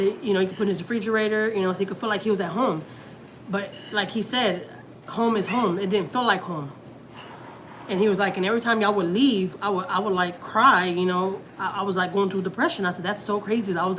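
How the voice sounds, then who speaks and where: A woman's voice: medium pitch, fairly even intonation, a little fast, fairly bright tone, slight background noise, poor audio. A woman from Texas talking casually as a family vlogger, rambling and emotional, with lots of restarts and fillers. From Houston, Texas. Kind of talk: casual personal chat.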